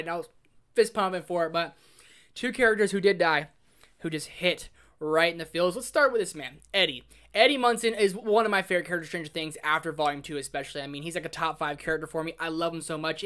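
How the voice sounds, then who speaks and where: A film review host with a high, clean-toned voice gives a casual spoiler review of a show. He gushes excitedly, says "like" constantly, and swings from loud exclamations to hushed, emotional asides.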